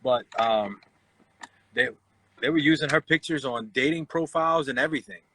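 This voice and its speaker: With a medium pitch, a bit of brightness and a breathy edge, a man in his forties hosts a laid-back live chat at a moderate pace. He tells stories and voices the characters he quotes, all in poor-quality audio.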